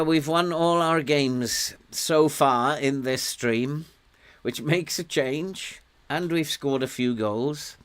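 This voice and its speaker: A smooth, middle-pitched voice belongs to an older man from Wales streaming a football management game. His commentary is chatty and casual; he cheers his virtual players, scolds them, and chuckles a lot.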